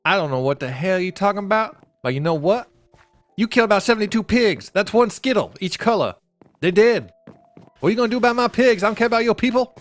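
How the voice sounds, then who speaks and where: Man voicing a pig farmer, indignant, loud, high voice, pitch jumping all over, soft music behind. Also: sing-song, a little fast, no echo. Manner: loud, indignant, jumping into a vague put-on accent. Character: angry male pig farmer.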